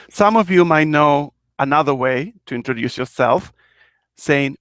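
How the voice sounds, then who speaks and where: A man's voice: a little high, moderate pace, a bit bright, clear, resonant tone, dry recording, clean studio sound. A man from Argentina teaching a live online Spanish lesson, explaining patiently and repeating each example phrase.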